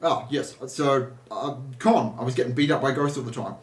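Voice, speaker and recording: A man's voice: medium pitch, moderate pace, echoey room. A man talking casually as an energy healer, rambling with restarts and asides. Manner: rambling, with many restarts and laughs. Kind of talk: casual spoken monologue.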